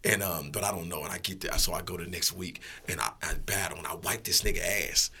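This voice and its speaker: A man's voice: deep voice, quick pace, bright, forceful tone, slightly rough. A middle-aged man, telling a story casually as a guest, swearing freely and acting out quotes.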